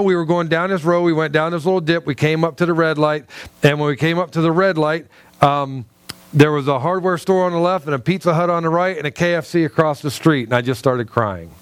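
Smooth-voiced man telling a sermon story. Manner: conversational, self-deprecating humor, acts out quotes in a lower voice. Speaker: pastor.

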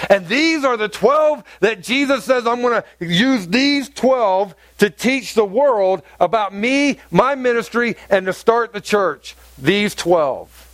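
Guy pastor preaching, acts out the quotes, pretty high voice, dry sound. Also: no room sound. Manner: conversational, animated preaching with acted-out quotes. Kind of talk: sermon.

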